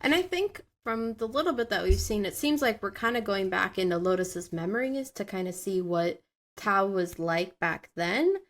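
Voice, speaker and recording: Brief: female podcast host, mid pitch, upbeat, steers the talk. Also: normal speed, a bit bright. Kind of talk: casual chat.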